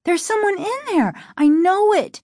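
A woman's voice: high-pitched, lively intonation, a little slow, no echo, clean studio sound, pitched above the performer's own voice. A woman voicing a frightened young girl in a spooky storybook, speaking in a panicky, urgent way. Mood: scared, urgent. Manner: panicky, breathless pleading.

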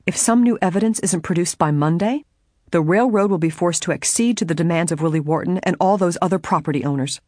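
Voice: medium pitch, fairly quick, darkish tone, dry recording, studio quality, lightly acted. A reader voicing a blunt, indignant older woman housekeeper, in an audiobook.

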